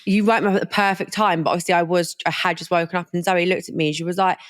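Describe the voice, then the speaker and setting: A woman's voice: on the low side, fairly even intonation, rapid-fire, no echo, clean studio sound. A young woman, co-hosting a podcast in casual, giggly chat full of "like". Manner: chatty, giggly, lots of "like". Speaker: podcast co-host.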